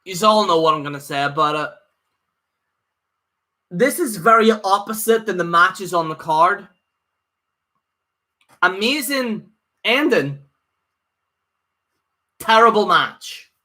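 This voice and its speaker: A man's voice: high-pitched, lively intonation, slow pace, long pauses, pushed and bright. A man giving a casual, opinionated live review, rambling with lots of fillers and restarts. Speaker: wrestling show reviewer.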